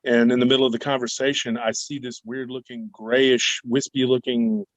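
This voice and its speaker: Male guest, rambling animated storyteller, mid pitch, dry muffled remote line. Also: moderate pace, dry recording. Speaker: guest cryptid researcher. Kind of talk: storytelling interview. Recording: dull dry remote recording.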